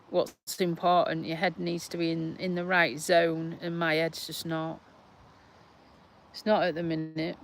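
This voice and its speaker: A woman's voice: fairly low pitch, a bit bright, slight background noise. A middle-aged woman from Lincolnshire with a South Yorkshire twang, chatting casually on a livestream from her back garden, rambling and sighing as she answers viewers. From Lincolnshire, England. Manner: slow, rambling, sighing, talks to viewers' comments. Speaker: vlogger on a livestream.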